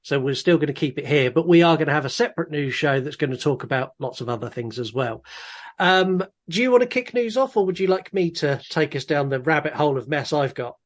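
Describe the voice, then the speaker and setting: Podcast host guy, laid back, teasing, voice a bit on the high side. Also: lively intonation, a little fast. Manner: easygoing, teasing, lots of ums. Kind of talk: casual chat.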